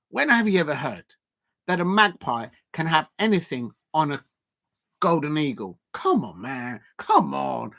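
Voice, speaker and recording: His voice is a little high and a bit bright as this man from South London, England hosts a live football watchalong. He reads viewer comments aloud and chats in a casual, rambling way, full of fillers and restarts.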